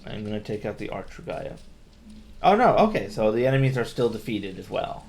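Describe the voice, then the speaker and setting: A man's voice: on the low side, very animated, brisk, darkish tone. A man giving casual let's-play commentary, thinking aloud and grumbling wryly at the game. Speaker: gameplay commentator.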